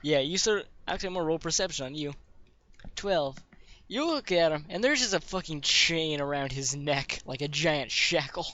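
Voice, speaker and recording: High-voiced man running a tabletop game. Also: normal speed, pushed and bright. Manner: rambling, profane, many fillers. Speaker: game master. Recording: dull dry lo-fi recording.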